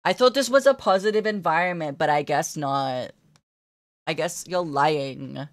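Giggly young woman streamer, lowish voice. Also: a little slow. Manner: playful, giggly, talks to chat. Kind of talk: casual live-stream chat while drawing.

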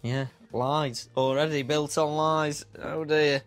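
A man's voice: on the high side, fairly even intonation, slow, faint music behind. A man chatting casually and cheekily with his sister while watching TV, swearing and laughing often. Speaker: TV viewer commenting.

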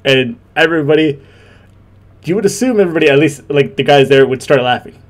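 A man's voice: on the high side, brisk. A young man and former Marine giving casual reaction commentary, laughing often and rambling with many restarts.

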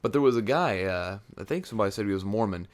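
Low-voiced young man rambling into close mic. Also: lively intonation, fast talker. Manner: rambling, filler-heavy, off-topic. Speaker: gaming video creator. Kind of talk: casual chat over gameplay footage. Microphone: close mic right at his face.

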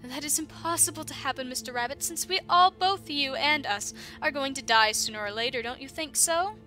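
A woman's voice: high voice, a little fast, faint music behind. A woman reading as a smiling storybook snake. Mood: calm. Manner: calm, smiling menace. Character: cold, smiling female snake.

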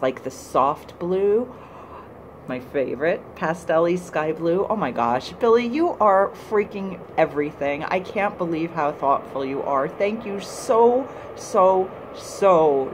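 Low-voiced woman gushing over a gift. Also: slight background noise, low-quality recording. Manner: gushing, excitable, squeals with delight. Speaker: vlogger. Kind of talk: gift unboxing vlog.

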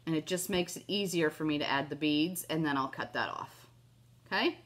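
A craft video host with a low, slightly bright voice at a moderate pace gushes and chats through a casual tutorial. She's got a cough and keeps saying "you guys" and "oh my gosh."

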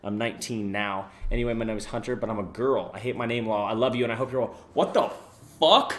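A young man live-streaming, casually reading out donations and thanking viewers, swearing freely and yelling when a game goes wrong. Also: fairly low pitch, quick pace. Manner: excitable, swears freely, yells during gameplay. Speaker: livestreamer.

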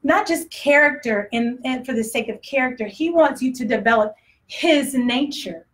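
A woman preaching to her congregation in a loose, conversational style. Her voice sits fairly high, and she slips into little acted-out voices and laughs as she goes. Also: moderate pace, rough recording. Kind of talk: sermon.

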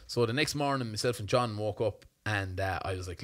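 A young Irish man co-hosting a podcast, telling an animated, self-mocking story in casual chat. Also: on the low side, quick pace, few pauses. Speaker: podcast co-host.

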